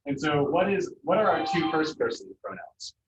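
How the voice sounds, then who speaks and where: A man teaching a Spanish class, relaxed and jokey, with many fillers. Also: on the high side, normal speed, background noise. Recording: roomy, distant, muffled classroom sound.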